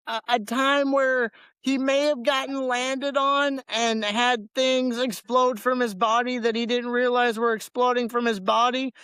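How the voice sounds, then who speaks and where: Male podcast co-host, casual and laid-back, clear voice, dry close sound. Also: extremely high pitch, bright, forceful tone, no room sound. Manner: laid-back, loose, repeats words. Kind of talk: casual wrestling podcast chat.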